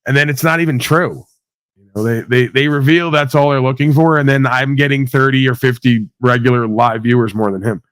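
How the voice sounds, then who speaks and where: A man's voice: medium pitch, fairly even intonation, brisk, a bit bright, no room sound. A man hosting a livestream, ranting casually with blunt, sweary sarcasm. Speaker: livestream host.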